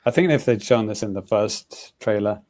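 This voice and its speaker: A man's voice: fairly low pitch, normal speed, a little mellow. A man co-hosting a casual podcast chat, rambling and hedging as he explains things. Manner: rambling, hedges with "like". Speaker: podcast co-host.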